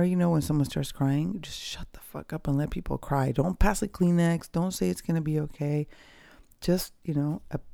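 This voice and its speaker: Candid podcast host, reflective personal talk; mellow, gravelly, close and dry. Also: mid-range voice, no echo. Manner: candid, casual, swears freely; slow, pausing delivery with fillers.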